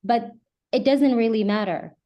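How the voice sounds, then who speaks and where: A woman English teacher making her point in an online debate, measured and steady. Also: fairly high pitch, highs cut off.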